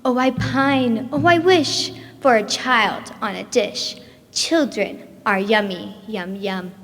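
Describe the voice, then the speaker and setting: A woman storyteller doing a grumpy, greedy giant who grumbles and slobbers over his hunger. The voice is pitched high for a giant and rings with a long hall reverb, as if from an auditorium stage. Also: takes it slowly, fairly bright tone. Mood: grumbling, greedy. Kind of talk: storytelling performance.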